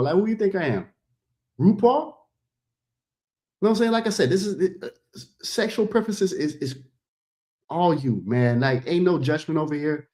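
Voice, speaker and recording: A man streaming a casual, animated reaction, stumbling over his words and calling his audience "bro.". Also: high-pitched.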